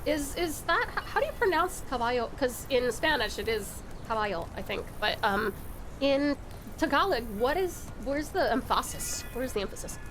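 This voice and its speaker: Giggly high-voiced Australian woman streamer. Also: normal speed, over music. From Tasmania, Australia. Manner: giggly, excitable, slips into silly baby talk. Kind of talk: live game stream commentary.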